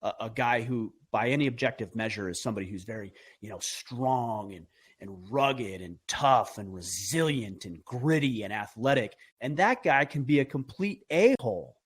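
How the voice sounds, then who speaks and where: Middle-aged man, podcast guest; earnest and forceful, asks rhetorical questions, mid-range voice. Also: mid-range voice, expressive, moderate pace, breathy edge. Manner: earnest, emphatic, builds arguments with rhetorical questions. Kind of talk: conversational podcast talk.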